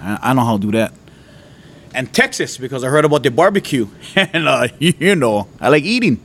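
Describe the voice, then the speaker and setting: A man from Hawaii, a preacher giving his testimony, who tells his story with lively jumps in voice and frequent laughter. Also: a little fast. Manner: animated storytelling, voice jumps high and loud when retelling his outbursts; laughs often. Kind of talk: testimony to an audience.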